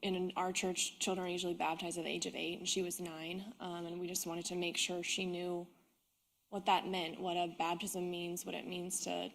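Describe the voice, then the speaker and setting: A woman witness giving courtroom testimony, quiet and composed, answering briefly. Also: lowish voice, monotone, normal speed, creaky, a little hiss or hum. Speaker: trial witness.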